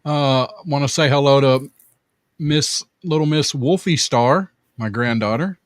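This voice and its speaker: An older man co-hosting a casual live-stream chat, reading viewer comments aloud in a halting way, full of fillers and restarts. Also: medium pitch, no echo, clean studio sound.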